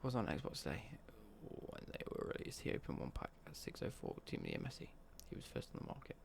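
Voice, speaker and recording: A man's voice: rumbling low, wildly swooping pitch, a little fast, vocal fry, background noise. A man live-streaming a football game and chatting cheekily with viewers, reading their messages out and joking back. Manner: cheeky, jokey banter, reads out chat messages.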